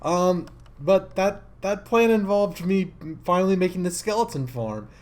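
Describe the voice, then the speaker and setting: A man giving casual gameplay commentary as a let's-play host, rambling and easily excited, with many fillers. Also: high voice, unhurried.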